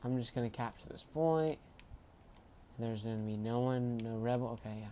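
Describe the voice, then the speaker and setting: Guy narrating his gameplay, rambly, yells when stuff happens, some faint hiss and typing. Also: mid-range voice, normal speed. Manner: chatty, bursts into excited shouts. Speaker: gaming channel host. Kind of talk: video game commentary.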